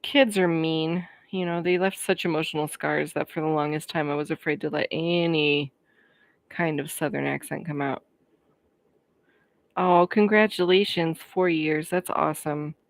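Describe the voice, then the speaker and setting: A woman's voice: low voice, fairly even intonation, vocal fry, no room sound. A woman in her thirties from Colorado, chatting casually on a livestream and answering viewers' comments. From Colorado, USA. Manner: chatty, friendly, quick to laugh. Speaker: livestream host. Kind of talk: casual chat reading live comments.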